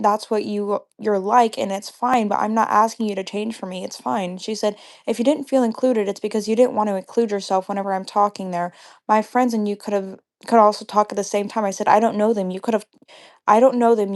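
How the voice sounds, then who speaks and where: A woman's voice: mid-range voice, steady tone, darkish tone. A young woman telling a heated story on a livestream, swearing freely and recounting an argument line by line. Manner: heated, profane, talks fast when angry. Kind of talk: casual storytime rant.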